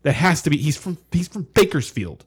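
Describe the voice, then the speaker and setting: Animated man rambling about football. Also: fairly high pitch, fairly quick, breathy edge. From California. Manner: animated, rambling, laughs often. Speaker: podcast co-host. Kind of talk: casual sports chat.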